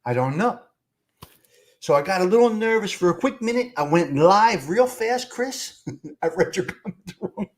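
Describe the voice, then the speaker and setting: A man's voice: high-pitched, expressive, moderate pace. A man hosting a casual live stream, rambling and swearing as he talks to viewers in the comments.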